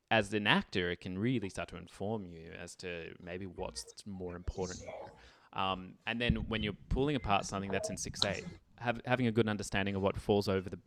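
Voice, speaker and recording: A man's voice: lowish voice, background noise. A man teaching an online music theory session in a chatty way, speaking lyrics aloud to show rhythm. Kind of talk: online group lesson.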